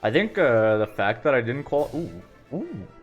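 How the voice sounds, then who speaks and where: On a live stream, a young man rambles casually through stories, full of fillers and self-deprecating asides. His mid-range voice swings widely in pitch at a measured pace, and the muffled audio carries faint music behind.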